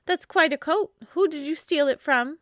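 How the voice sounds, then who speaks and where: A woman's voice: high voice, normal speed, dry recording, studio quality, pitched above the performer's own voice. A woman reading the part of a sly, teasing young woman who mocks a would-be swindler. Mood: mocking. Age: young adult. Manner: arch, mocking, bright.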